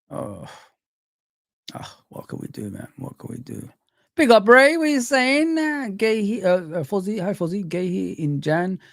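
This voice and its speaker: A man hosting a casual livestream, chatting lively and reading out and greeting his chat. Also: on the high side, vocal fry, no echo, clean studio sound. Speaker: livestream host.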